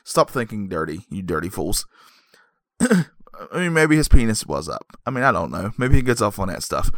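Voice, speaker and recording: A man's voice: lowish voice, normal speed, no room sound, studio quality. Rambling man recapping a horror film. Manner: rambling, deadpan asides. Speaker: movie reviewer. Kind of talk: comedic movie recap.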